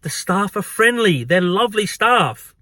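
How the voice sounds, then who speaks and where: A man's voice: high voice, sing-song, unhurried, sharp tone, dry recording, voice pushed up, heavily acted. A man voicing a fed-up husband bluntly telling his wife off. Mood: exasperated. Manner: blunt, exasperated.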